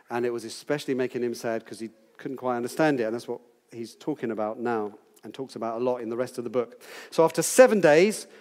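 A man in his sixties, possibly British, teaches a Bible passage to a group, keeping things chatty and playful while quizzing his listeners along the way. His voice is medium-pitched and sounds like it fills a big room.

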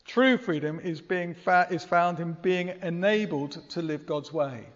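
Male preacher, raised pitch, earnest and chatty, long church reverb, muffled lo-fi sound. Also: unhurried. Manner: earnest, conversational, with rhetorical questions. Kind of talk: sermon.

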